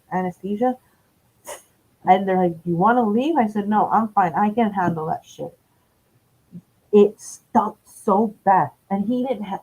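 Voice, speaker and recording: A woman's voice: medium pitch, warm tone. A woman, telling a long story on a live stream in a rambling, profane way, correcting herself as she goes. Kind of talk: casual storytelling. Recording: dull lo-fi stream audio.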